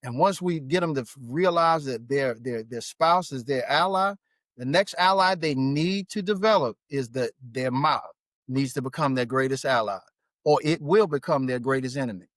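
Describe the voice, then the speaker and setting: A man's voice: medium pitch, moderate pace, dry recording. A man talking as a marriage coach on a podcast, acting out his clients' words in quotes as he tells stories. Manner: animated, acts out clients' lines in quotes. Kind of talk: podcast conversation.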